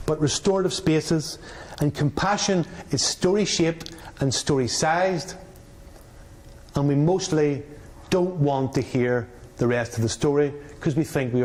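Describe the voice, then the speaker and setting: A man's voice: mid-range voice, a little mellow. A middle-aged man, a mediator, giving a public talk and telling a personal story with candid, wry humour. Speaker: mediator and speaker.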